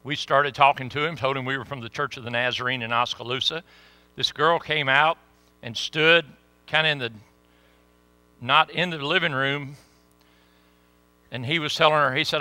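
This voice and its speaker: A middle-aged man telling a story in a sermon, folksy and animated. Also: medium pitch, moderate pace, dry recording. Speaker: pastor.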